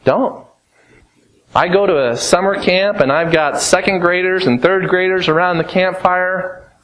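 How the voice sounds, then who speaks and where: A man preaching a sermon, emphatic, rising to fervent peaks and dropping to low, grave tones. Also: fairly even intonation, normal speed, a bit bright, poor audio.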